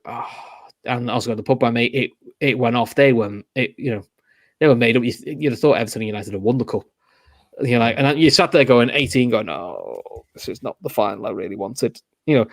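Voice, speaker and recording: A man's voice: medium pitch, no room sound. A young man with a Liverpool accent tells football stories on a casual podcast. He talks in a middle register and acts out how people reacted as he goes. The sound is close and dry, with no room around it. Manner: animated storytelling, acts out reactions. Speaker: podcast host.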